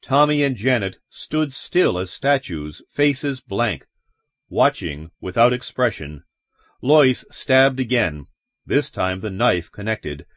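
A man's voice: medium pitch, sing-song, slow pace, fairly bright tone, no echo, clean studio sound. Grave male audiobook narrator. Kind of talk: scripted narration.

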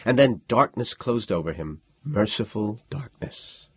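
A man reads fiction aloud with a deep, husky voice that swings widely in pitch, dramatic and expressive. The recording is dry and close, with no room around it. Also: a little slow, no echo. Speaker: narrator. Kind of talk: audiobook narration.

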